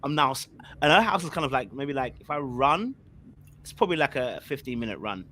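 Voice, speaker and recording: Animated man telling a story. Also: mid-range voice, fairly quick. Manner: animated, repetitive, slangy storyteller. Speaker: podcast panelist. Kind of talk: casual storytelling.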